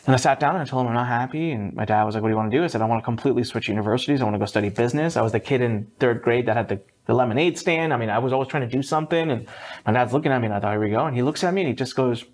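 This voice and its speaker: A man in his thirties, an entrepreneur guest in a podcast interview, telling his story with animated energy and a casual, sometimes swearing manner. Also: very fast. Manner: lively, swings up high for quoted voices, mild swearing.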